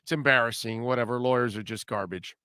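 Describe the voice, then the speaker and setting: A man's voice: medium pitch, fast talker, sharp tone, clear, resonant tone, no room sound, studio quality. A man hosting sports talk radio, blunt and rambling, with sarcastic asides.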